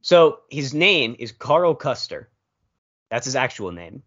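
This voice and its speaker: Podcast co-host, male, mid pitch, rambling wry delivery, dull lo-fi recording. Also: very animated, slow, a bit bright. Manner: rambling, filler-heavy, wry. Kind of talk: casual chat.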